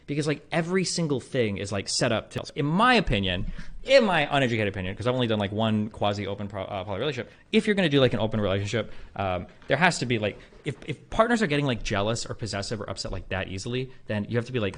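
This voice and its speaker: A man's voice: lowish voice, lively intonation, fast talker. A man in his thirties talking casually to a stream audience, rambling with lots of fillers and blunt, profane asides. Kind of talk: casual monologue to a livestream audience.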